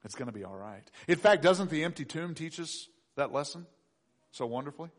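Man preaching, middle-aged, high voice, animated, loud then hushed. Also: a little fast. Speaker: pastor. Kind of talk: sermon.

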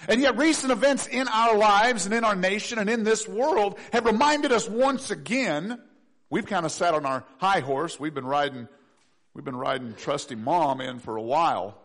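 A man preaching a sermon with a fairly high, very lively voice. He swings from quiet, low asides to loud, soaring pleas. His delivery is animated and full of feeling. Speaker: pastor.

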